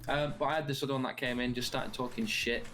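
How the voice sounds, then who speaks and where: A man's voice: mid-range voice, steady tone, fast talker, a bit bright, a little hiss or hum. A man, a streamer guest telling rambling stories with swearing in a casual podcast chat. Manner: rambling anecdotal storytelling with frequent swearing.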